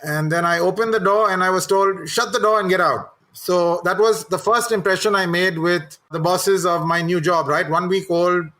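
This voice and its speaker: A man's voice: high-pitched, steady tone, moderate pace, hardly any pauses, pushed and bright. A middle-aged man, a guest telling candid, self-deprecating personal anecdotes. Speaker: guest, communications executive and coach.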